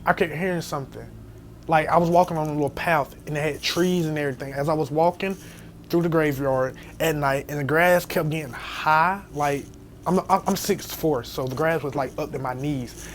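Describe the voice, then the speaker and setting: A young man telling a scary story in casual storytime style, animated and jumping to high squeals when he quotes himself. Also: moderate pace. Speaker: storyteller vlogger. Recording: faint background noise.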